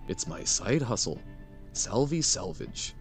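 A man's voice: medium pitch, very animated, slow, faint music behind. A man reading a middle-aged junk collector in a half-hearted Scottish accent, jolly and nautical. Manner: jolly, rolling nautical delivery.

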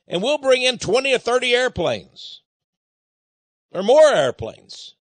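A man's voice: high-pitched, fairly bright tone, no echo. A man hosting a radio monologue, speaking emphatically and urgently and addressing his listeners as friends. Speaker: radio host.

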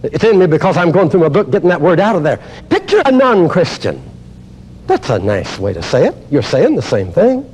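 An older man preaching a teaching sermon on healing, emphatic and exuberant, dropping to a hush and then rising to loud exclamations. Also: a little high, huge pitch swings, a little fast, breathy edge.

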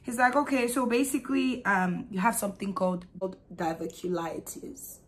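An expressive young woman with a Nigerian accent, chatting straight to camera in a storytime vlog. Her voice sits at a middle pitch and she tells the story in an animated, candid way, with blunt slang. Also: normal speed. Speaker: vlogger.

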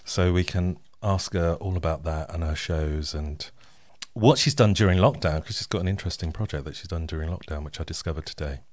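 A man's voice: deep voice, brisk, a little mellow. A man co-hosting a casual podcast, chatty and laughing often as he introduces snacks and a guest. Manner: chatty, laughs often, reads show plugs. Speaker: podcast co-host.

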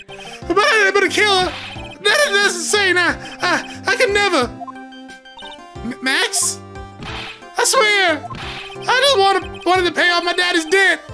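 A man doing a high panicky Southern bumpkin. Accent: put-on Southern US. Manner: high, pleading, stammering. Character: panicked male country bumpkin pleading for help.

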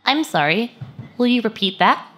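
A woman's voice: fairly high pitch, animated, moderate pace, fairly bright tone, slightly rough, soft background music, voice pushed up. A woman reading aloud, voicing a rude, clipped robotic call-centre bot.

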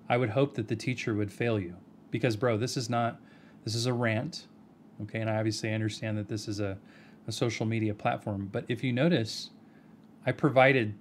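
A man giving an earnest, measured video response, addressing someone directly by name and pressing his points with rhetorical questions. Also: medium pitch, slight background noise. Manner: earnest, argumentative, addresses the other person by name. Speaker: video commentator.

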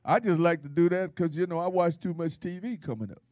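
A man's voice: high-pitched, fairly quick, a little mellow, no echo, studio quality. A man preaching at a Bible study in a folksy, playful style, with call-and-response and laughter. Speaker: pastor.

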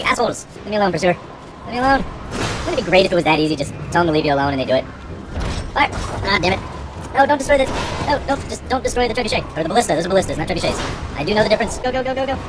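A woman commenting on her gameplay, excitable, swearing and shouting at the game, with wry self-mocking asides. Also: mid-range voice, fast talker, long pauses, music in the background. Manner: excitable, cursing and yelling at the game. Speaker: let's play gamer.

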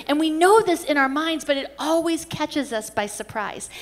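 A middle-aged woman with a high voice gives a conference teaching talk. She tells personal stories earnestly and often restarts her sentences. Her voice carries through a reverberant hall. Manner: earnest storytelling with many restarts. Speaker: pastor and conference speaker.

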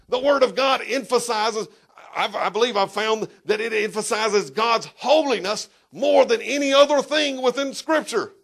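A pastor preaching to his church, his voice high and gravelly. He is emphatic, swings into sudden shouts, and talks straight to the people in the pews. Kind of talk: sermon.

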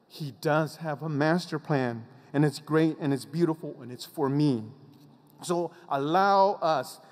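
A man giving an inspirational commencement speech, emphatic, sinking low and slow on his repeated refrains. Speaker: commencement speaker. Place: graduation ceremony venue. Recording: long reverb of a large venue.

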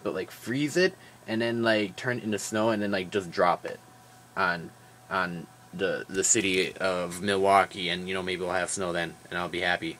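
A man's voice: deep voice, moderate pace, a little hiss or hum. Tired, jokey guy vlogging. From Wisconsin. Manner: animated, jokey, rambling, with fillers. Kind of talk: casual daily vlog chat.

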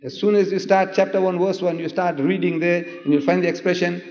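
A man's voice: sits high, flat delivery, a little fast, a little mellow. A man giving a public debate lecture, emphatic and rhetorical, firing questions at the audience and getting them to repeat after him. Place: large lecture hall. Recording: old echoey hall recording, dull sound.

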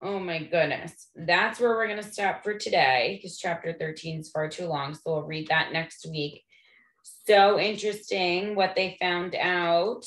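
A woman reading a novel aloud to listeners in a gentle, friendly way. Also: on the low side. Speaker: read-aloud host. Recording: echoey room.

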